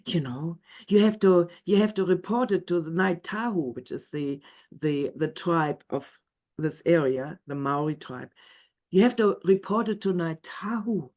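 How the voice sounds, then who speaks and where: A woman's voice: lowish voice, normal speed, a little mellow, lightly acted. Woman voicing a stern young bird tracker. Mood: scolding. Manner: urgent, scolding.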